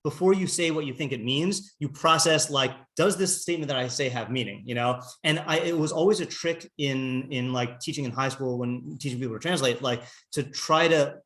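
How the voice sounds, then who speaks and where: A middle-aged rabbi leads a casual class in a voice of ordinary middle pitch. He talks in a loose, chatty way, stops himself mid-thought and laughs easily as he goes. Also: fairly quick, few pauses, a bit bright. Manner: chatty, self-interrupting, laughs often.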